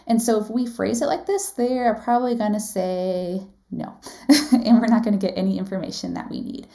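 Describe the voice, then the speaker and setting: Gravelly-voiced woman teaching a live class. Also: medium pitch, normal speed, dark tone. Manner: conversational, asks the audience questions, frequent "um" and "right?". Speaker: nursing exam instructor.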